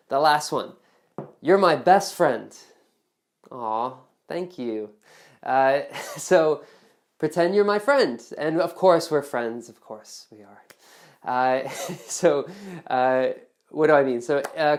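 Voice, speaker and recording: A woman with a notably deep voice explains exam speaking strategy to the camera. Her delivery is casual and conversational, checking in with the listener often. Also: a little mellow. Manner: conversational, checks in with "okay?", acts out example dialogue. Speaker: TOEFL test-prep teacher.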